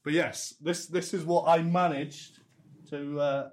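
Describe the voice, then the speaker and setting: A man's voice: fairly high pitch, steady tone, slow pace, a little mellow. A man co-hosting a podcast in a studio, bantering in a friendly, enthusiastic way. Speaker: podcast co-host. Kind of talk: casual chat.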